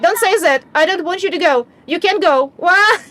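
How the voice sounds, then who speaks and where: Upset young boy in a game, high and pleading, as a woman puts him on; cast a strained, tearful kid. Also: expressive, moderate pace, a bit bright, slight background noise. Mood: distraught.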